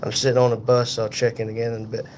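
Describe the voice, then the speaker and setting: A man in pain and tired, hosting a casual livestream from a hospital room on a phone, reading viewer comments aloud in an unhurried, folksy way. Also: mid-range voice, monotone, a little mellow, a little hiss or hum. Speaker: livestream host reading chat. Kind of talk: casual live chat.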